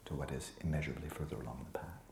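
A man teaching meditation to a retreat group, relaxed and playful, often sinking into a soft whisper and teasing students by name. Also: extremely low pitch, racing, gravelly, slight background noise. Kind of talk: dharma talk to a retreat group. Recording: echoey room with faint ambience.

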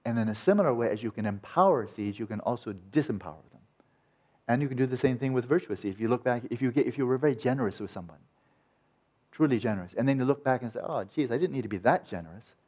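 A man's voice: medium pitch, fast, dark tone. A man teaching meditation in a conversational dharma talk, acting out quoted voices and often restarting his sentences.

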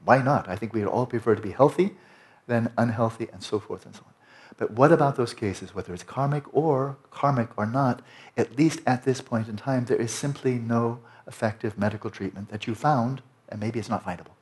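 A man's voice: medium pitch, a little fast, darkish tone. A man who teaches Buddhism giving an earnest, discursive lecture with many self-corrections and restarts.

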